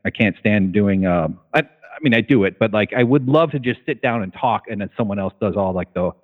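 A man interviewing a guest in casual chat, halting and hesitant, often restarting his sentences. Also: fairly low pitch, expressive. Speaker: interviewer, host of own show. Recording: phone-like line.

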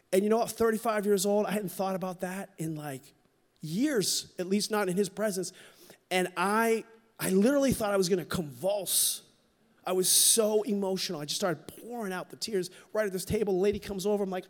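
High-voiced preacher in a reverberant church. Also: male voice, moderate pace. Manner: candid, storytelling, drops to a hush for quoted moments. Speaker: pastor. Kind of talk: sermon. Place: church sanctuary. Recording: long hall reverb.

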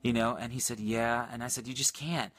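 A little fast, a man recounts a prayer encounter during livestream ministry, earnest and casual, full of quoted dialogue and moments of excitement. There's no room sound.

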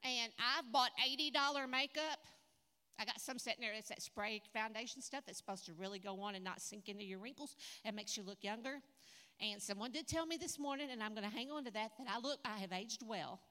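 An older woman preaching a sermon at a conference in a church hall, lively and humorous, talking straight to the audience. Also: fairly high pitch, a little fast. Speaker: conference speaker. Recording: echoey hall.

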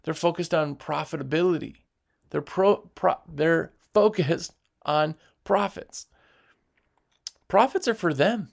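Gravelly man giving emphatic business advice. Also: fairly high pitch, takes it slowly. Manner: emphatic, direct, acts out customer quotes. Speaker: window cleaning business owner giving advice. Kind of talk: motivational business talk.

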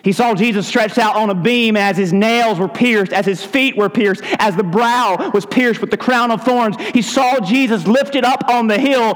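High-voiced preacher in a reverberant church. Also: male voice. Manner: storytelling, vivid and dramatic. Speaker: pastor. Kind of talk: sermon. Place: church sanctuary.

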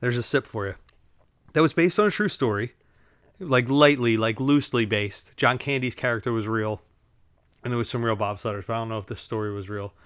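A man talking through a laid-back solo podcast from home, wandering from thought to thought with plenty of "like"s and teasing asides to his audience. His voice sits at an ordinary middle pitch. The sound is dry and close, with no room around it. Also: a little fast, a bit bright, dry recording. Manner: rambling, filler-heavy, joking asides to listeners. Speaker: podcast host. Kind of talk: casual solo podcast monologue. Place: at home, relaxed, drinking while recording.

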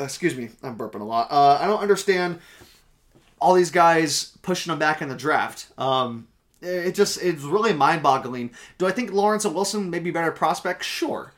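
A young man with a slightly raised voice talks football on a casual podcast. He argues his picks emphatically, sure of his opinions, and swears casually as he goes. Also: a little high. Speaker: podcast co-host. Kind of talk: casual sports podcast chat.

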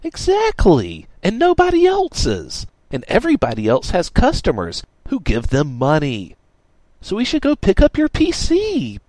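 A man voicing an exasperated, scheming young shop owner who talks in a raised, pushy, excitable way. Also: medium pitch, normal speed, dry recording.

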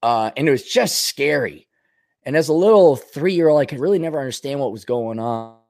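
A man hosting a podcast, rambling through a casual comedic monologue, going from low mutters to sudden outbursts. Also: lively intonation, a little fast, a little mellow. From Minnesota. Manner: rambling, wisecracking, swings between mutters and outbursts. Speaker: podcast host.

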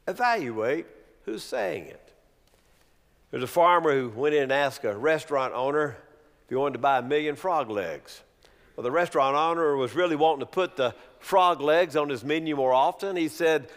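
Lively male pastor preaching in an echoey hall. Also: fairly high pitch, normal speed. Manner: animated, humorous preaching with rhetorical questions. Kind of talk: sermon. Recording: long reverb of a large hall.

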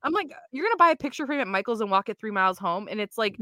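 A woman's voice: medium pitch, rapid-fire, dry recording, clean studio sound. A woman co-hosting a podcast in casual chat, telling a story with lots of acted-out quotes and laughter. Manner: animated storyteller, acts out quotes, laughs often. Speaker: podcast co-host.

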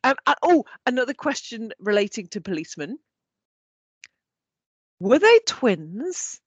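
A woman co-hosting a podcast, chatting in an animated, sweary way and laughing often. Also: fairly high pitch, measured pace, husky, dry recording, highs cut off. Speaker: podcast co-host. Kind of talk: casual chat.

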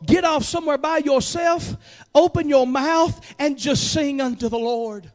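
A pastor preaching a sermon in a church. He drops to quiet, joking asides and then builds to shouted, fervent peaks. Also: very high-pitched, a little slow.

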